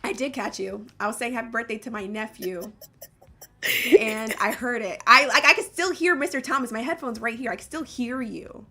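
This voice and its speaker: Blunt gravelly-voiced woman host. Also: on the high side, normal speed, bright, forceful tone. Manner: blunt, profane storytelling. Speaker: streamer and debate host. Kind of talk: casual chat.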